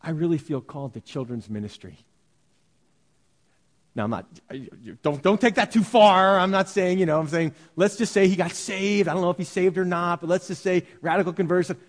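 A male pastor preaches in a loose, conversational way, full of restarts, asides and humour. His voice sits a little high for a man, and a long reverb trails behind him in the hall. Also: brisk, few pauses. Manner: conversational and animated, with restarts and jokes. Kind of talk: sermon.

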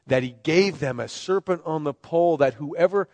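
Animated preacher man, high and dry. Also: normal speed, dry recording. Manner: animated, acts out voices of people in the story. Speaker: pastor. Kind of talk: sermon.

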